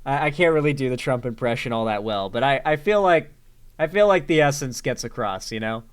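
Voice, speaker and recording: A man's voice: mid-range voice, animated, a little fast, clean tone. Sarcastic man doing reaction commentary. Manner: sarcastic, rambling. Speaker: commentary host.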